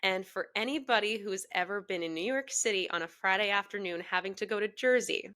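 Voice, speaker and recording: Frank, animated woman telling a story. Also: mid-range voice, fairly quick. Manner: animated and frank, swears freely, laughs mid-story. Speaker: podcast co-host. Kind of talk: casual storytelling chat.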